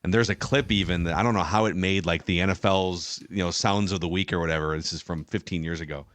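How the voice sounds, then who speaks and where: Deep-voiced man reading listener questions. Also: steady tone, fairly bright tone, dry recording. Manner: measured storyteller, reads listener questions. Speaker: podcast host, reporter. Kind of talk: casual chat.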